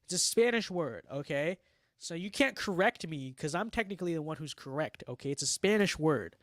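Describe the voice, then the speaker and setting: Speaking a little fast in a higher-leaning, animated voice, this young man from Los Angeles reads out his livestream chat and answers with sarcastic, mock-boastful wit. There's no room sound, just clean studio audio.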